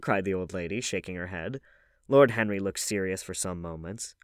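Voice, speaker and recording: A man's voice: low-pitched, normal speed, no echo, clean studio sound. Man narrating a classic novel. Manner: calm, even narrating tone between dialogue. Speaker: audiobook reader. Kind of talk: audiobook narration.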